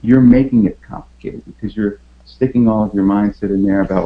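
A man's voice: lowish voice, fairly even intonation, brisk, few pauses. Guy hosting a motivation talk, emphatic, lots of rhetorical questions, a bit muffled lo-fi sound. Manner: emphatic, fires rhetorical questions, stammers repeated words. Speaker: podcast host.

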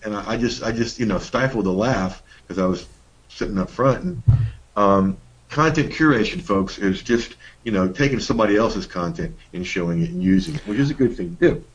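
A man's voice: on the low side, a little fast, slightly rough, highs cut off. A middle-aged man co-hosting a workshop, talking in a casual, folksy way with playful emphasis. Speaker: workshop co-host. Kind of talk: casual teaching talk.

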